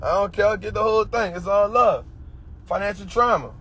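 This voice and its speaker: A man's voice: sits high, normal speed, a bit bright, breathy edge. A man with an Atlanta Black American English accent, giving a preachy finance talk on a livestream in street slang, repeating his points. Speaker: finance educator.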